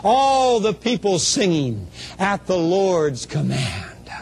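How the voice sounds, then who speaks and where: A middle-aged man, a traveling minister, telling a fervent testimony in a sermon, sometimes stumbling over small words and rising to emotional shouts. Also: very high voice, slightly rough, poor audio.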